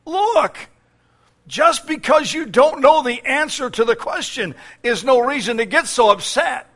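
A man voicing a proud, boastful male lion in a told story, with loud, blustering demands. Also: extremely high pitch, animated, unhurried, pitched above the performer's own voice, full character voice. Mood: indignant.

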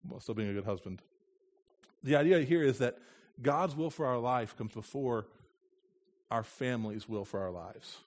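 An earnest man preaching to a church congregation, with a voice of ordinary, middle-range pitch. He talks to the room in a plain, conversational way and slips in bits of gentle humor. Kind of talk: conversational sermon.

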